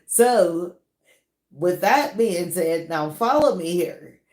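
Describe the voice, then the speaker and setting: A woman with a lilt talks through celebrity gossip in a loose, animated way, laughing often. She stretches out her words at an unhurried pace. Her voice rings in a noticeably echoey room. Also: fairly low pitch. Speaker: celebrity gossip channel host. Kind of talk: casual commentary.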